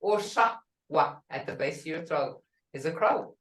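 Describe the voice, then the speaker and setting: Slow-speaking woman teaching a class. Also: low-pitched, animated, reverberant, far from the mic, rough recording. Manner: repeats words slowly for learners. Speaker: language teacher. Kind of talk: online language class.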